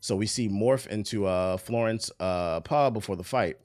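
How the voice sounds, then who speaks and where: A man streaming casually, reading entertainment news aloud and breaking off into profane, laughing asides. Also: moderate pace. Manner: profane, laughing asides, excitable pitch jumps.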